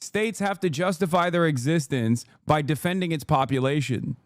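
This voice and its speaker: A man's voice: fairly high pitch, normal speed, no room sound, studio quality. A man in his thirties, a streamer, giving blunt, sarcastic commentary on a clip with frequent laughs. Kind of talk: casual commentary.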